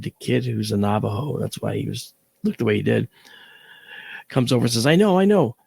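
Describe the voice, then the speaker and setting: Gravelly-voiced man telling a vivid story. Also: mid-range voice, dry recording. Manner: vivid, acts out quoted shouts, swears. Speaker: astronomer guest telling his story. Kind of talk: animated personal storytelling.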